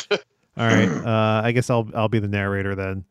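A man's voice: fairly low pitch, steady tone, a little slow, clear, resonant tone, dry recording, lo-fi sound. A man co-hosting a comedy podcast, chatting casually and narrating a script with a laid-back, chuckling delivery.

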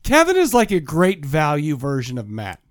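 A man's voice: a little high, huge pitch swings, normal speed, dry recording, clean studio sound. A man co-hosting a casual podcast, joking around and cutting in on the others. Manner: jokey, interrupts, bursts into loud singing. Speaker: podcast co-host. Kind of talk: casual chat.

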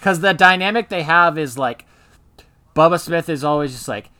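A man's voice: fairly high pitch, normal speed, bright, forceful tone, no room sound. A man co-hosting a podcast, chatting casually in a rambling way with lots of filler words. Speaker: podcast co-host. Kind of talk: casual chat.

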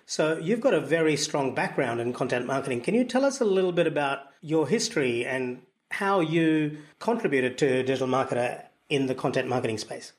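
A man with a mixed Australian and Indian accent hosts a podcast. He sounds upbeat and jokey, in a fairly high voice for a man. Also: lively intonation, brisk, hardly any pauses. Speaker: podcast host. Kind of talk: casual interview chat.

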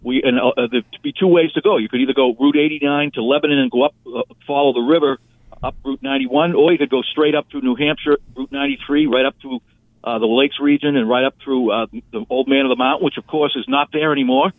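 A man's voice: mid-range voice, fairly even intonation, fast, dry recording. A man giving the weather on a radio show, chatting and reminiscing with lots of fillers. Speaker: weather forecaster. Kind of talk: casual on-air chat by phone. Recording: tinny phone line.

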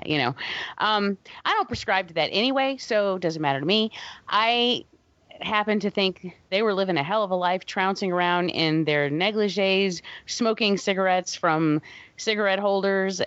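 A woman's voice: on the low side, fairly bright tone, no room sound, highs cut off. A woman co-hosting a casual movie review chat, emphatic and laughing often. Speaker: podcast co-host.

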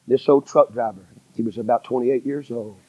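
A middle-aged man with a Southern American accent tells a story from the pulpit in a husky, folksy voice. He repeats phrases and drops to a hush before pushing out loud emphasis. The sound is close and dry, a little dull and lo-fi. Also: medium pitch, fairly even intonation, normal speed, no echo. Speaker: preacher. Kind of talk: storytelling sermon. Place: church sanctuary.

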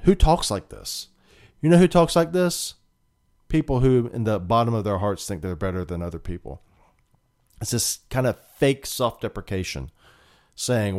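A man's voice: mid-range voice, darkish tone. A man hosting a political talk show, delivering emphatic, indignant commentary and often repeating himself.

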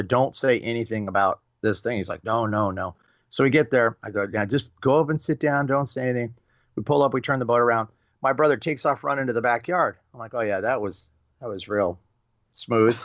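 A middle-aged man telling a racing story with lively energy, acting out quoted voices and swearing casually as a podcast guest. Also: medium pitch, dry recording, highs cut off. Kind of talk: animated storytelling.

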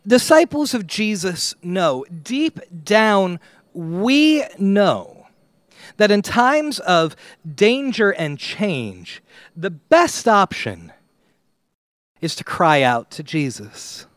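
A man preaching a sermon to his church, slow and dramatic, with long pauses and swings between loud and quiet. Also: high-pitched, sing-song, dry recording. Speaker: pastor.

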